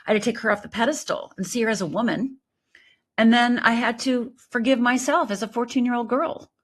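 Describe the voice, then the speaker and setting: A woman in her sixties, a life coach, telling her story as an interview guest in an animated way, often asking "right?". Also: on the high side, a little fast. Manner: animated, tags thoughts with "right?".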